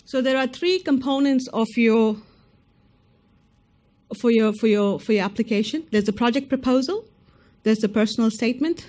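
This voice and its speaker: A woman's voice: mid-range voice, dark tone. A woman presenting at an information session, speaking directly and emphatically to applicants and checking in with them often. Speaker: scholarship program presenter.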